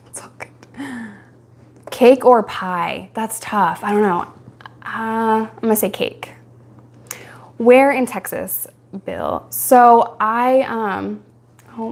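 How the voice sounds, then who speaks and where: A woman's voice: a little high, vocal fry. A young adult woman from New York, hosting a casual live-stream Q&A and telling stories frankly, with frequent laughs. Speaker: live-stream host answering viewer questions.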